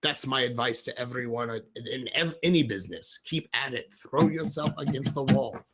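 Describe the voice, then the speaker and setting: A man's voice: mid-range voice, moderate pace, very noisy. A man hosting a casual livestream from home, speaking in an affected British-sounding accent that comes and goes as he rambles and answers viewers' chat messages. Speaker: livestream host.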